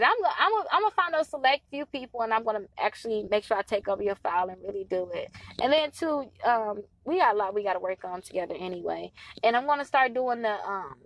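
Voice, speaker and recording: A woman's voice: mid-range voice, no room sound. A woman in her thirties coaching on credit repair in a casual, chatty talk to her followers, pleading and emphatic. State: stuffy nose from allergies.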